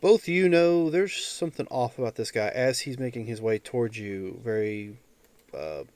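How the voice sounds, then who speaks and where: A man narrating as game master of a tabletop game, relaxed and hesitant with fillers. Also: mid-range voice, normal speed, clear, resonant tone, no echo.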